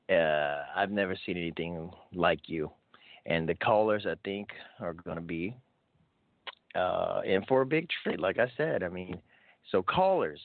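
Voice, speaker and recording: A low-voiced man hosts a call-in radio show in a dry recording with thin, phone-like audio. He's chatty and upbeat, frequently restarting his sentences.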